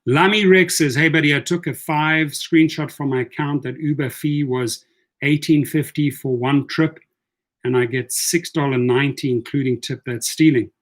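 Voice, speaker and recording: A man's voice: fairly high pitch, fairly even intonation, normal speed. A man giving casual livestream advice as a rideshare coach, reading viewer comments aloud and answering them in a chatty way, often repeating words as he goes.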